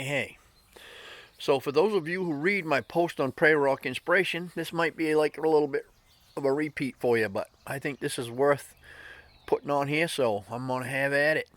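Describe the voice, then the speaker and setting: A man's voice: mid-range voice, fairly bright tone, no echo. A man hosting a daily inspirational talk, telling a story in a casual, folksy way with lots of fillers. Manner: folksy and informal, with many fillers.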